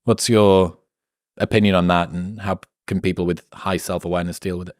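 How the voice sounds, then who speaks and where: A quick, very low-voiced male podcast host, dry sound. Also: little pitch movement, no room sound. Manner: joking, curious questions.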